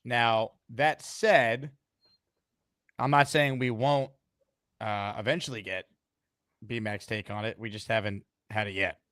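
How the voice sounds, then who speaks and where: Male sports talk host, relaxed and wry, middle pitch, dry close mic. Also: clean tone, dry recording. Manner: laid-back, wry, reads out viewer messages. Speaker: show host. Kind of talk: casual sports talk show.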